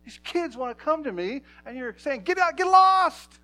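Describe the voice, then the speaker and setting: A man's voice: extremely high pitch, sing-song, normal speed, bright, forceful tone, voice pushed up, heavily acted. A man preaching a sermon, voicing an indignant Jesus scolding his disciples. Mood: outraged. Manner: outraged, scolding.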